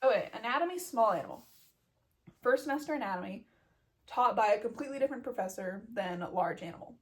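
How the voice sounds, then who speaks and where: A woman's voice: on the high side, animated, fast. A young woman telling a story as a vet student in a casual vlog, blunt, self-mocking and full of swearing. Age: young adult.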